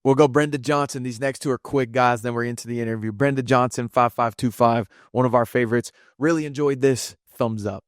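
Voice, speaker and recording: Brief: male podcast co-host, mid pitch, dry close sound, earnest, encouraging. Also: steady tone, fairly quick, few pauses, dry recording. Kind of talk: casual podcast chat.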